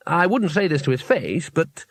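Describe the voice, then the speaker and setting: A man's voice: fairly high pitch, big pitch swings, normal speed, gravelly, dry recording, studio quality, pitched above the performer's own voice, heavily acted. A man doing a timid, fussy little tourist. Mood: confiding.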